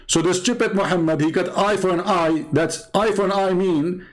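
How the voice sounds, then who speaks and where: Sarcastic man with a fairly high voice. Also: steady tone, normal speed. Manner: sarcastic, mocking, with chuckles. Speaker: live-stream host. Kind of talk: polemical live-stream monologue.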